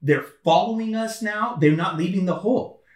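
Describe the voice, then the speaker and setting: A man co-hosting a podcast, casually chatting and telling animated stories, acting out what people said. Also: high-pitched, moderate pace. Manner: animated storyteller, acts out quotes. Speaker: podcast co-host. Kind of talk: casual chat, storytelling. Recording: echoey room, distant mic.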